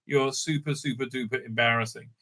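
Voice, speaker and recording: A man's voice: mid-range voice, steady tone, a little fast, bright, forceful tone. A man giving a crude, mocking, rambling recap of a reality show episode, full of fillers. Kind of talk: casual recap commentary. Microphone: streaming setup mic.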